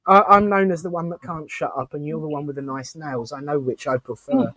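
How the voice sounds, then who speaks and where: A man's voice: a little high, steady tone, a little fast, sharp tone, dry recording. A man hosting a casual live-stream chat, rambling and talkative with lots of fillers and restarts. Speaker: host.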